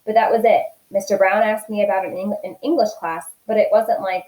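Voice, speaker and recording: A woman teacher reading a novel aloud in an expressive, steady storytelling voice. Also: mid-range voice, fairly quick, few pauses, echoey room, low-quality recording.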